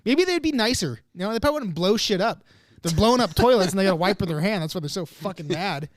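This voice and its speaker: A young man co-hosts a podcast, riffing and joking with a loose, profane tongue. His voice sits on the higher side for a man. The sound is dry and close on a podcast mic. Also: quick pace, dry recording. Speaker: podcast co-host. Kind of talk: casual chat.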